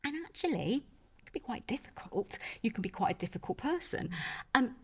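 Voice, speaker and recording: A woman's voice: a little high, very animated, a little fast, a bit bright, husky. A woman speaking as a menopause expert guest on a podcast, earnest and reassuring, with plenty of "you know". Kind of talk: podcast conversation.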